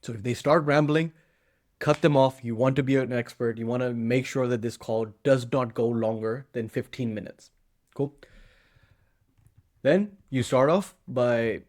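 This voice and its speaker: A man's voice: medium pitch, measured pace, darkish tone. Direct, emphatic male sales coach. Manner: direct, emphatic, acts out sample lines. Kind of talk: instructional talk to camera.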